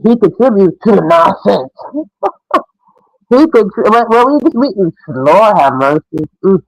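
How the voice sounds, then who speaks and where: A woman's voice: medium pitch, very animated, takes it slowly, long pauses, dry recording, poor audio. A middle-aged woman giving frank, opinionated casual commentary as a mother.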